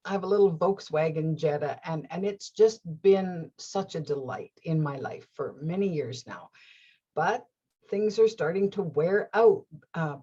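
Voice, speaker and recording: A woman hosting her own show, telling a personal story in a casual, animated way with frequent laughter. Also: fairly low pitch, husky, lo-fi sound. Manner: animated, laughs often, restarts phrases. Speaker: host.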